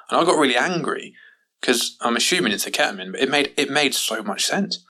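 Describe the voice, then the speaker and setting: A man telling a story in casual conversation, acting out what people said in lively bursts. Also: fast talker, poor audio. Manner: animated, acts out quotes with rising pitch. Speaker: guest recounting an accident.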